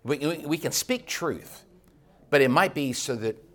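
A man teaching a Bible class in a conversational way, stopping to restart his phrases, then rising with passion and falling quiet again. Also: animated, unhurried. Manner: passionate, builds up then drops low. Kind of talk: teaching sermon.

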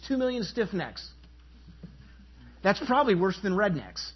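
A pastor delivering an emphatic sermon, asking the congregation rhetorical questions and inviting them to respond. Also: male voice, sits high, sing-song, measured pace, slightly rough, muffled recording.

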